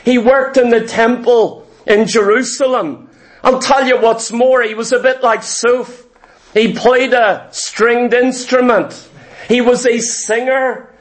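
Male preacher, strikingly high pitch, emphatic sermon delivery that drives points home by repetition. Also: fairly even intonation, takes it slowly. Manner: emphatic, rhetorical questions and repeated phrases. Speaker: pastor.

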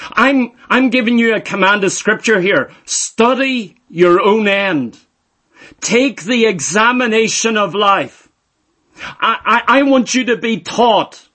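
A man's voice: high voice, bright, forceful tone. A middle-aged man preaching a sermon, emphatic and repeating phrases for stress.

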